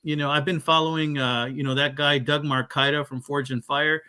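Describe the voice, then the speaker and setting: A man's voice: on the high side, level tone, moderate pace, pushed and bright, clear, resonant tone. A man from Texas chatting casually on a live video call, showing off his knives in a rambling, laid-back way with many fillers. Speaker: knife channel guest. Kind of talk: casual live-stream chat.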